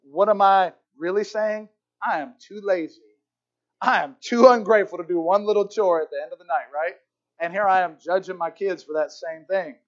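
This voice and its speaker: A middle-aged man preaching a sermon, telling stories with lively acted-out voices. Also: high-pitched, moderate pace, muffled recording. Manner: storytelling, animated, acts out characters. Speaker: pastor.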